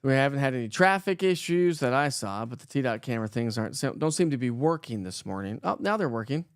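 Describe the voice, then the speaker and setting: A man's voice: medium pitch, expressive, fast, clear, resonant tone, dry recording, clean studio sound. A man from Colorado hosting a morning weather livestream, chatting casually and greeting viewers by name in an upbeat, joking way. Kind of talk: casual live-stream chat reading viewer comments.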